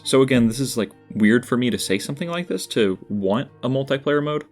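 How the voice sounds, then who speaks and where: A man with a fairly low voice narrates a scripted game review in an earnest, candid way, tossing in dry asides. Soft guitar music plays faintly underneath. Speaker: video essay host.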